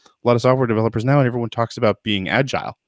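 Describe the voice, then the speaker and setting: A man's voice: medium pitch, racing, no room sound, studio quality. A man hosting a podcast in casual chat, thoughtful and hedging, with lots of fillers and restarts. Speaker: podcast host.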